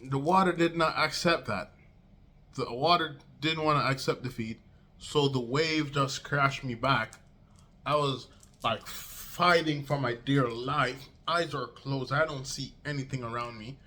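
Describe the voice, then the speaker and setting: A young man vlogging a casual storytime, slangy and swearing, acting out quotes with big jumps in pitch. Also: unhurried, pushed and bright.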